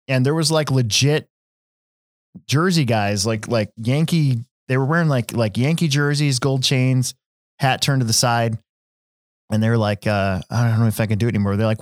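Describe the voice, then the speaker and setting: A man's voice: medium pitch, moderate pace, no echo, studio quality. A man from Nebraska hosting a podcast, telling stories in a rambling casual way with lots of fillers and restarts. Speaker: podcast host. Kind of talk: casual chat.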